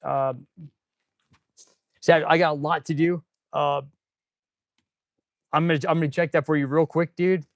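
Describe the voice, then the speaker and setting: A laid-back mechanic who hosts a channel talks to viewers during a live stream as he works in his auto shop, tossing out "dude" and "man." His fairly high voice is flat and measured, with long pauses, recorded in clean studio quality with no room sound.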